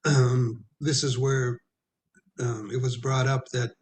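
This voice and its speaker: Man presenting with frequent throat clearing. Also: mid-range voice, flat delivery, darkish tone, a little hiss or hum. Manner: halting, many ums and throat clearing. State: losing his voice. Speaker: architect presenting to a planning commission. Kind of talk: public meeting presentation. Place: town hall meeting room.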